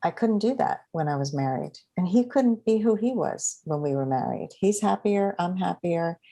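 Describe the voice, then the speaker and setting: A woman's voice: on the low side, lively intonation, normal speed, dark tone. A middle-aged woman hosting a podcast, reflecting and sharing her own experience in a casual interview. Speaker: podcast host.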